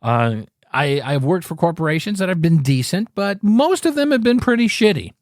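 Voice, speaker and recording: A man's voice: high voice, sing-song, moderate pace, darkish tone, no room sound, studio quality. A man in his fifties hosting a podcast, giving a blunt and candid opinion monologue, emphatic and profane, often restarting his phrases. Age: 50s. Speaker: podcast host.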